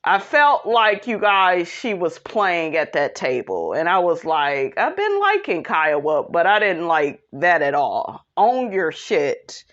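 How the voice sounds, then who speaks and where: A woman's voice: fairly low pitch, animated, slow, few pauses, fairly bright tone, lo-fi sound. A young woman hosting a casual reality TV recap, opinionated and sassy, who keeps calling her viewers "honey" and speaks. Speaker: recap host.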